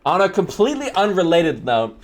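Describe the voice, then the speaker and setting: A young man with a fairly high, animated voice that swings up and down as he reacts. He reads slides aloud in a casual, bemused way and breaks into chuckles and wry asides. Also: brisk. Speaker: streamer reacting to viewer slideshows. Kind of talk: casual live-stream commentary.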